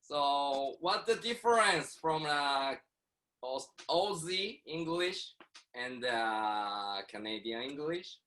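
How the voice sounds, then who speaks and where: A Japanese man hosts a video call in his second language, English, pausing often with hesitant fillers. His voice is high and bright, and he speaks slowly, with a light Japanese accent. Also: lively intonation. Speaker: channel host. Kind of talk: casual video call chat.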